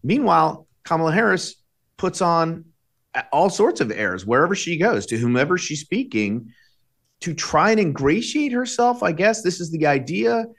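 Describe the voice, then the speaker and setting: A middle-aged man speaking as a guest commentator on a talk show, measured and halting, with frequent restarts. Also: on the high side, big pitch swings, vocal fry, fairly bright tone. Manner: measured, with many restarts and fillers. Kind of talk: casual political commentary.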